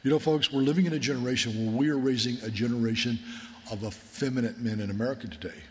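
In a hall with long reverb, a male military chaplain delivers a sermon full of war stories, earnest and folksy in his storytelling. His voice is mid-range and he speaks fast.

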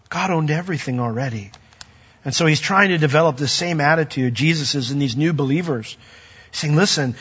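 Husky guy pastor preaching, kinda high voice, lots of reverb, bit muffled. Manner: builds to loud, emphatic peaks when reading scripture; conversational asides to the congregation. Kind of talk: sermon.

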